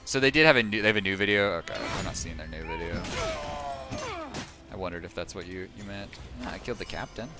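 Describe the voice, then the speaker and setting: A deep-voiced, fast-talking man streams a video game live, chatting loosely with his viewers. He's sarcastic and profane toward the game, rambling to chat as game music and sound effects play.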